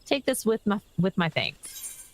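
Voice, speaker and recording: A woman voicing a gruff rustic stable hand from a game, full of dialect and exclamations. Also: medium pitch, big pitch swings, a little slow, voice pushed up. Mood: grateful. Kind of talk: reading game dialogue aloud.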